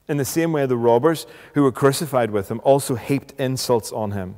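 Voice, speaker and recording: A man preaching a sermon, speaking deliberately and posing rhetorical questions. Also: medium pitch, darkish tone. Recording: long reverb of a hall.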